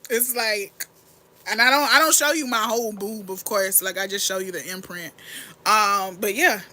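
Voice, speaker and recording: A young woman hosting a casual get-ready-with-me livestream, chatting candidly and answering her chat in a rambling, animated way. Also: mid-range voice, moderate pace. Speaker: livestream host.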